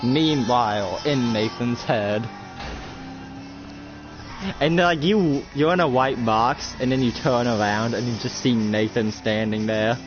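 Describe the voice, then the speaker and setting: A man's voice: medium pitch, takes it slowly. A man running an improvised roleplay as game master, narrating in a rambling way full of fillers. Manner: rambling, filler-heavy storytelling. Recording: dull lo-fi recording with music. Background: loud background music.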